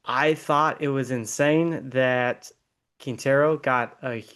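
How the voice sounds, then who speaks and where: A man's voice: mid-range voice, fairly even intonation, slow pace, fairly bright tone, clear, resonant tone. Easygoing man hosting a wrestling podcast. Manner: easygoing, many ums and uhs. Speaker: podcast host. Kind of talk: interview hosting.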